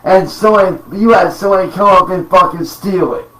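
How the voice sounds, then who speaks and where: A man's voice: high-pitched, a little fast, fairly bright tone, far from the mic. A man in an angry, profane rant to camera, threatening and emphatic, recorded at home. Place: home room. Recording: roomy sound, off-mic.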